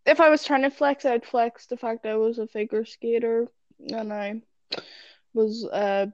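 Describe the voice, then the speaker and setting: A woman's voice: on the high side, steady tone, measured pace, a little mellow, no room sound. A woman with an Irish accent chatting casually on a podcast, teasing and giggly. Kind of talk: casual chat. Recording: dull lo-fi sound.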